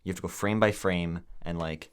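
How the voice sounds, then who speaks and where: A young podcast co-host speaks briskly in a low, clear, resonant voice during a casual chat. He's an animated storyteller, acting out the quotes as he tells them.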